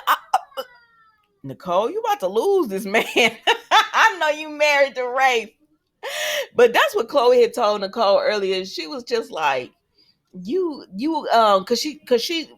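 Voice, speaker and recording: Chatty woman recapping a soap episode. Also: medium pitch. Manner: chatty retelling that slips into quoted dialogue, many fillers. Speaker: soap opera recap reviewer. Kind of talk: casual spoken episode recap.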